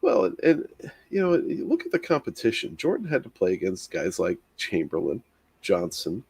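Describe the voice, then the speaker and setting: Low, husky man, close and dry. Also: wildly swooping pitch, a little mellow, dry recording. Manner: agreeable, easygoing, quick interjections. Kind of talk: casual chat.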